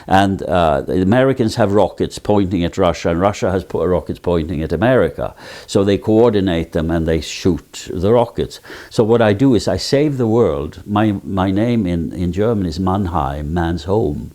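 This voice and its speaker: Older guy, actor, rambling anecdotes full of uhs, warm low voice. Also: expressive, moderate pace, hardly any pauses. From Sweden. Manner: rambling anecdotes with fillers and restarts. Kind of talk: interview storytelling.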